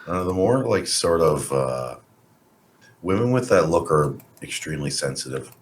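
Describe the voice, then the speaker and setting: A man with an extremely deep voice talks on a podcast. He speaks haltingly, trailing off and filling gaps with hesitations. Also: animated. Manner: halting, hesitant, many fillers. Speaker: podcast co-host. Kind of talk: casual podcast chat.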